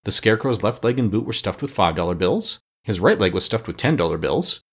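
A man with a low, husky voice reads a storybook aloud. His telling is expressive, swooping through a wide pitch range. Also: brisk. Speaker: audiobook narrator. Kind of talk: scripted narration.

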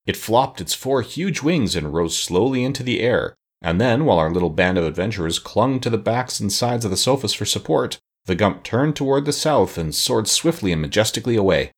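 A man reading a children's classic aloud as an audiobook narrator, animated and expressive. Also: fairly low pitch, a little fast, hardly any pauses. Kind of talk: scripted narration.

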